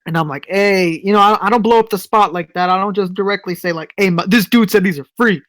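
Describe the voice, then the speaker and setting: A podcast co-host with a high, slightly bright voice talks fast on a dry recording. He tells a story in casual chat, swearing freely and acting out what people said.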